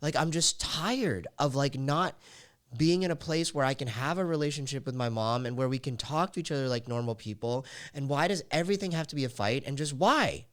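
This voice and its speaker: Podcast guy opening up about his life, lots of "like", smooth clean voice. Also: mid-range voice, expressive, a little fast. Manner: candid, emotional, heavy on "like" fillers. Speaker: podcast host. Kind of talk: personal storytelling.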